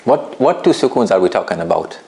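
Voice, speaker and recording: A man teaching a recitation class in a relaxed, conversational way, often checking understanding with "right?" and putting questions straight to his students. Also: deep voice, brisk, vocal fry, a little hiss or hum. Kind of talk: classroom lesson.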